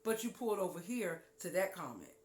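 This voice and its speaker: On her spiritual talk show, a woman gives a lively teaching monologue, speaking a little fast, dropping low and quiet for key points, and imitating her listeners' voices. The audio is reverberant.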